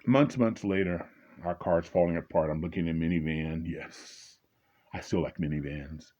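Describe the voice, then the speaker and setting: Deep-voiced man telling a personal story. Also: moderate pace, muffled recording. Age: 20s at the time told, now older. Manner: conversational, re-enacts angry exchanges with rising voice; frequent fillers and repeated restarts.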